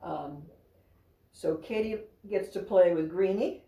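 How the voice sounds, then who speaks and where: A woman's voice: low voice, very animated, slow, long pauses, dark tone, echoey room, far from the mic, poor audio. A woman chatting casually at home while giving cheerful commands to her three dogs. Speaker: therapy dog handler.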